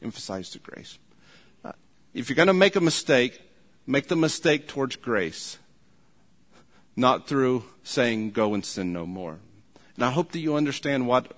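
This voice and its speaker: A man preaching a sermon as pastor, earnest and pleading, slowing down to stress his points. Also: medium pitch. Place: church sanctuary.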